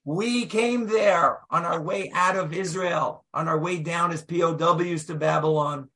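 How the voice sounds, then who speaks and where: Animated man teaching a Torah class. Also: fairly high pitch, a little slow. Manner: animated, emphatic, acts out voices and quotes.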